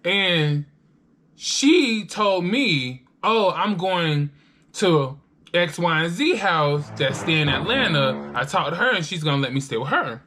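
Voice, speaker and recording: A young adult woman vlogger telling a casual storytime while eating. She is animated, acts out the voices she quotes and swears freely. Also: on the low side, slow.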